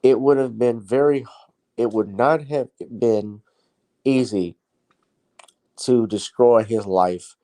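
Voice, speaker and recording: A man's voice: mid-range voice, takes it slowly, long pauses, dark tone, rough recording. A man hosting a late-night live stream, giving rambling, opinionated commentary and sounding tired. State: tired, yawning.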